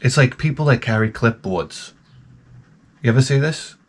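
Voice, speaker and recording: A man's voice: medium pitch, lively intonation, moderate pace, pauses often, a little hiss or hum. A male vlog host rambling through a comedic rant, crude and heavy on profanity. His delivery is jokey and exaggerated, and he jumps from one tangent to the next. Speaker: YouTube host.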